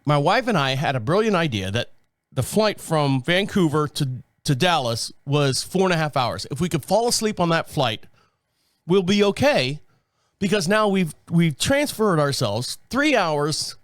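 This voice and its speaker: A man's voice: fairly high pitch, no echo, studio quality. A man hosting a podcast, telling a casual story with lots of swearing and laughter. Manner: animated, profane, laughs often. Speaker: podcast host.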